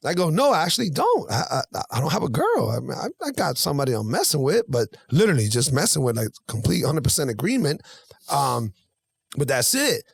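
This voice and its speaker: A man in his forties telling a story on a podcast, animated and acting out both sides of a conversation. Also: on the high side, a little fast, vocal fry, slightly rough, no echo. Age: 40s. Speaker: podcast guest. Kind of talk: casual storytelling.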